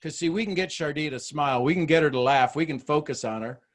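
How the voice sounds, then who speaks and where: A man hosting a leadership video call, joking, animated and preacher-like. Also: fairly high pitch, quick pace. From Texas, USA. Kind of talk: motivational talk on a group call.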